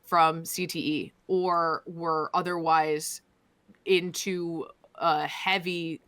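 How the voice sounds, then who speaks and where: A woman's voice: deep voice, little pitch movement, slow, a bit bright. A young woman co-hosting a casual hockey podcast, swearing freely and ranting with fired-up conviction. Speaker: podcast co-host.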